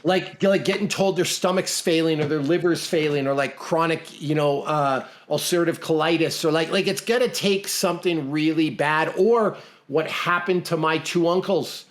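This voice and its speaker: A man's voice: on the high side, moderate pace, hardly any pauses. A middle-aged man from Canada co-hosting a podcast, talking bluntly and emphatically in casual motivational chat, often repeating himself. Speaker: podcast co-host.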